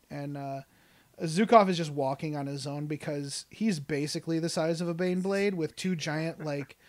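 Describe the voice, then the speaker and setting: Excitable, rambling podcast co-host. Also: mid-range voice. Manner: enthusiastic, rambling, laughs often. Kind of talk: casual chat.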